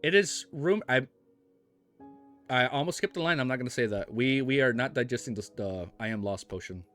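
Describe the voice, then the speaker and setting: A man's voice: medium pitch, lively intonation, normal speed, fairly bright tone, faint music behind. A young American man reading a web novel aloud on a stream, stumbling over words and chatting with viewers in a casual way. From United States.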